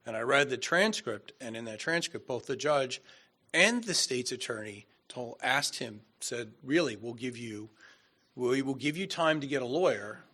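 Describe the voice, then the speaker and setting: Man, attorney, bright ringing voice, emphatic, repeats himself, acts out exchanges. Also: mid-range voice, expressive, moderate pace. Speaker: attorney presenting. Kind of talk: legal Q&A at a members meeting.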